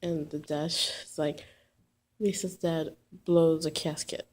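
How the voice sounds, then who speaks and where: A woman's voice: low voice, level tone, slow, darkish tone. A woman casually telling a personal story, rambling with many fillers and restarts.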